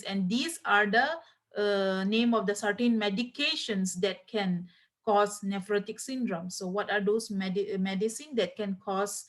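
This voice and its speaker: A woman teaching a classroom lecture, who repeats herself, spells out words letter by letter and uses many fillers like "uh" and "like". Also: mid-range voice. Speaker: nursing teacher.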